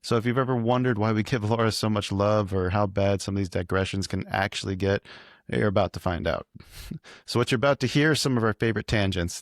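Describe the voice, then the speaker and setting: A man's voice: on the low side, no echo, studio quality. A man co-hosting a history podcast, chatting casually and trading short agreements. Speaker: podcast co-host.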